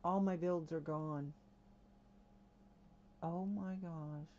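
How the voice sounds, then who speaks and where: A woman's voice: sits low, fairly even intonation, extremely slow, warm tone, muffled recording, slight background noise. A woman live-streaming a game, talking to herself and her viewers as she grows alarmed, with frequent exclamations. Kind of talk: casual live-stream chat.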